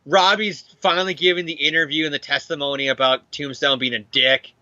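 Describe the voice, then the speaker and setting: A man's voice: fairly high pitch, fairly even intonation, fairly quick, bright, forceful tone, dry recording, highs cut off. A man hosting a casual comic book recap show, rambling, laughing often and acting out characters. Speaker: podcast host.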